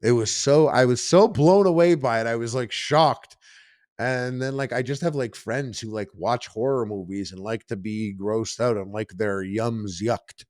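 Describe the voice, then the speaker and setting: A man's voice: on the low side, fairly even intonation, measured pace, no echo, clean studio sound. A man hosting a casual podcast who rambles through his stories with lots of fillers. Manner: rambling, filler-heavy storytelling. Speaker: podcast host.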